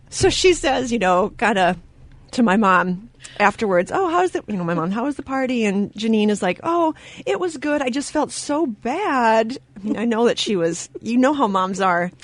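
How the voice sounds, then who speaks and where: A woman hosting a casual radio talk show from a studio. She tells stories with animated quoted voices and laughs often as she talks. Her voice sits at a middle pitch. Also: moderate pace, dry recording. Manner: laughs often mid-sentence.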